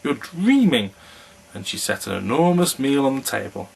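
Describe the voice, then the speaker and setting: A man reading a fairy tale aloud in a slow, measured storytelling manner. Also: medium pitch, expressive, gravelly, slightly rough, rough recording.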